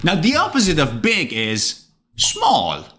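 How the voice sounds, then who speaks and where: A man teaching English vocabulary to camera in an expressive, playful way. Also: a little high, takes it slowly, a little hiss or hum. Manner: expressive, lively delivery with playful asides.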